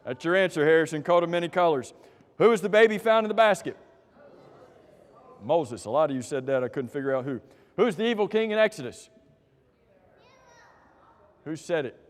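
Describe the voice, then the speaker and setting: Guy running a church quiz, highish voice, jokey, big echoey church room. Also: normal speed, long pauses. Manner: lively, joking teacher calling on people by name. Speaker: Bible class teacher. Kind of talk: quiz review with a church class. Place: church classroom.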